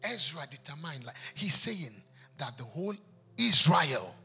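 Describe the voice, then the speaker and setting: A man's voice: on the high side, sing-song, measured pace, gravelly, pushed and bright, husky, soft background music. A pastor preaching an impassioned sermon in a church, driving his points home with rhetorical questions.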